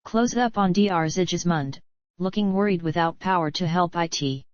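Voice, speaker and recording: A woman reading screenplay stage directions aloud in a flat manner. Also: fairly low pitch, normal speed, no room sound. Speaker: reader. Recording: dull lo-fi dry recording.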